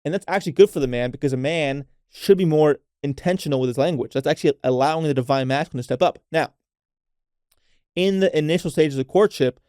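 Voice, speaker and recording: A man's voice: a little high, fast talker, a little mellow, smooth, dry recording, clean studio sound. A man hosting a casual solo podcast, speaking unfiltered and swearing freely, coaching women listeners and often tagging his points with "right?". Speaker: podcast host.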